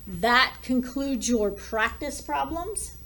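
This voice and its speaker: Slow, careful woman teacher. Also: sits high, lively intonation, sharp tone. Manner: talks while drawing and working problems aloud. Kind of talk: recorded math lesson.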